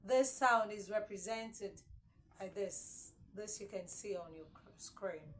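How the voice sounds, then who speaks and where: A woman teaching English consonant sounds, repeating each word several times and checking in with "okay?". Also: medium pitch. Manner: repeats words slowly, asks "okay?" often. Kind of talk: classroom-style lesson. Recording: faint background noise.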